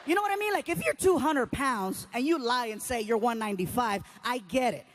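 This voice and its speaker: Woman, high voice, stand-up storytelling, animated, voices and sound effects, faint background hum. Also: normal speed. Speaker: comedian.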